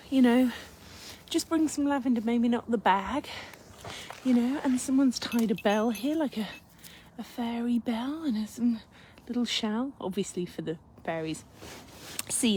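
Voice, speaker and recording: Soft-spoken Englishwoman whispering outdoors. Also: fairly high pitch, poor audio. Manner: soft, often drops to a whisper. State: slightly losing her voice. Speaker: healer and channel host. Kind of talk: casual live video chat. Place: outdoors under a yew tree in a churchyard. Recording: faint outdoor background noise.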